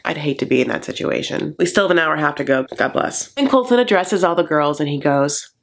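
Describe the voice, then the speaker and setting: A man's voice: a little high, a little fast, vocal fry, hardly any pauses, a bit bright. A man hosting a comedic TV recap, campy and gossipy with sassy asides.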